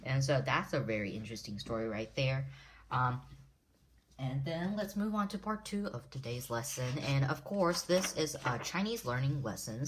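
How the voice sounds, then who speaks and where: A woman teaching a language lesson in a casual way, repeating words slowly syllable by syllable. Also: very deep voice.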